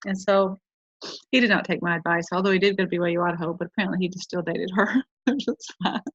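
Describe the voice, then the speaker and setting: Talking fast in a fairly low, level voice, a middle-aged woman hosting a podcast tells a personal story in a rambling, chatty manner and keeps correcting herself. The recording has no echo and sounds dull, dry, and lo-fi.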